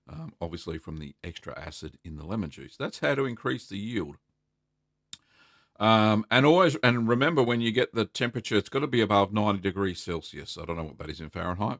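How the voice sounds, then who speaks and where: Chatty Australian man with a low voice. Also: a bit bright, no room sound, studio quality. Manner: friendly, rambling, greets viewers by name. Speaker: host. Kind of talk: casual live-stream chat.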